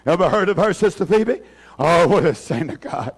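High-voiced fervent preacher man. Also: lively intonation, moderate pace, husky. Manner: fervent, repetitive preaching with many fillers and restarts. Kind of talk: revival sermon.

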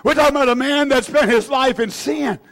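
A man delivers an emotional sermon to his church. His voice sits high and he sounds tearful, swinging between loud outbursts and hushed, confiding lines. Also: a little fast. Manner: impassioned preaching, swinging from shouts to hushed asides. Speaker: pastor.

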